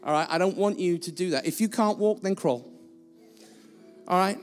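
Male guest preacher, high voice, blunt and self-deprecating, church-hall echo. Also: normal speed, soft background music. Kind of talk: sermon.

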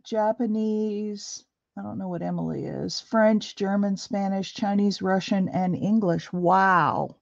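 A woman's voice: mid-range voice, slow pace, gravelly, no room sound, muffled recording. A middle-aged woman hosting a craft livestream, chatting with viewers in a chatty, rambling way and laughing easily. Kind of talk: casual chat with live viewers while crafting. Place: home craft room.

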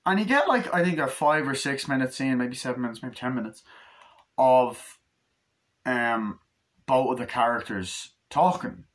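A man's voice: mid-range voice, expressive, moderate pace, fairly bright tone. A man casually reviewing a film, rambling and swearing freely. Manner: rambling, profane, acts out scenes in quoted voices. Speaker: movie reviewer.

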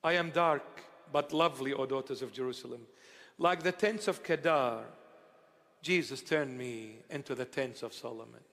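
A bishop giving a sermon, tender and playful in how he talks, now and then rising into loud outbursts, recorded in a church. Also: medium pitch, normal speed, vocal fry. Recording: church hall reverb.

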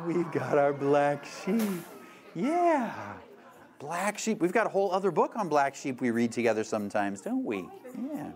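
A woman children's librarian leading a toddler storytime, reading a picture book aloud and singing in a slow, sing-song voice. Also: sits low, big pitch swings, a little mellow.

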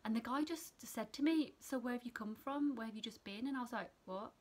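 A young woman student nurse from England, telling a story to camera in a chatty, animated way that keeps going off on tangents. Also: fairly high pitch, brisk. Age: young adult. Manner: chatty, animated, sidetracks and laughs often.

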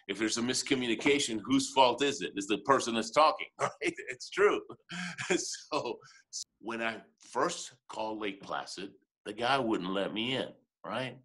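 Lower-voiced man telling a lively story. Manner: lively, chuckles often, restarts sentences. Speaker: motivational speaker, interview guest. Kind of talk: animated storytelling in conversation.

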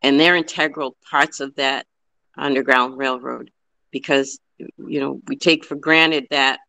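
A man giving an earnest, fast-paced history talk, full of fillers and restarts. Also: mid-range voice, steady tone, vocal fry, sharp tone. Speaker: guest speaker on local history. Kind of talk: informal history talk with questions.

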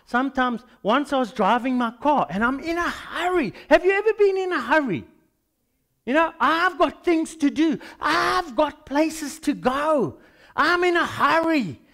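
A man's voice: extremely high pitch, unhurried. A man with a South African accent, a pastor preaching a sermon and telling a story with acted-out dialogue. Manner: animated storytelling, acts out dialogues.

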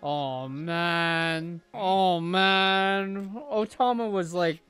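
A young man delivers live reaction commentary on an anime, swearing freely and erupting into excited shouts. Between outbursts he talks slowly and lingers on his words. Faint soundtrack music plays underneath his voice. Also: high voice.

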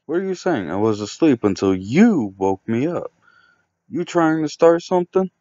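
A man's voice: fairly high pitch, big pitch swings, normal speed, mellow, no echo, pitched above the performer's own voice. A man voicing a woman neighbor who was woken at night and snaps at him confrontationally, in a dull lo-fi recording. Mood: annoyed. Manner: snappish, confrontational.

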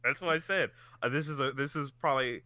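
A man co-hosting a podcast, animated, swearing and laughing as he tells a story in casual chat. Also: medium pitch, fast, no echo. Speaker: podcast co-host.

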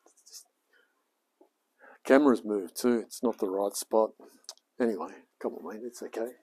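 Working in his home workshop, a forties-aged Australian man who tinkers as a hobby mechanic talks to himself and his livestream viewers. His voice is lowish and darkish with a breathy edge, moving at a moderate pace.

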